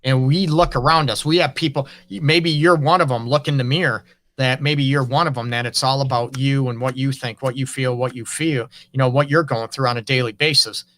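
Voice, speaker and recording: A man's voice: mid-range voice, steady tone, fairly quick, a bit bright. A man hosting an interview as a relationship counselor, talking earnestly and frankly in loose run-on phrases. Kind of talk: conversational interview.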